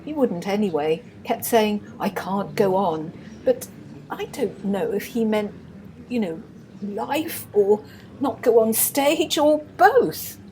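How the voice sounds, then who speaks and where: A woman's voice: mid-range voice, animated, takes it slowly, darkish tone, a little hiss or hum, rough recording. An amateur actress playing a timid young female assistant stage manager, hesitant and apologetic. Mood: anxious.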